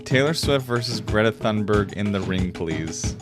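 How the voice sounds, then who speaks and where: A man's voice: on the low side, animated, normal speed. A man streaming and chatting casually, rambling with frequent laughs and the odd swear word. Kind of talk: casual chat. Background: background music.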